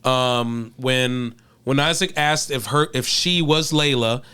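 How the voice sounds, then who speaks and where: A man's voice: mid-range voice, slow pace, pushed and bright, smooth. A young man chatting casually as a restaurant reviewer, laid-back and rambling, swearing freely. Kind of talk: casual chat.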